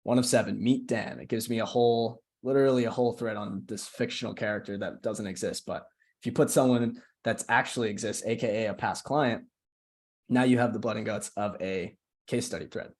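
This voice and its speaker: A man's voice: on the low side, fairly even intonation, fairly quick, a little mellow. Casual chatty man coaching on a call. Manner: casual, chatty, keeps asking "right?". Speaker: social media coach. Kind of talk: casual screen-share tutorial on a call.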